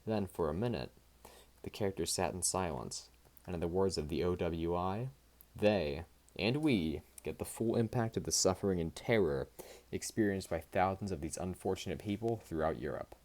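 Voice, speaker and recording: A man reading a nonfiction audiobook aloud in a measured, expressive way. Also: low voice. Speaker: audiobook reader. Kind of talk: scripted nonfiction audiobook narration.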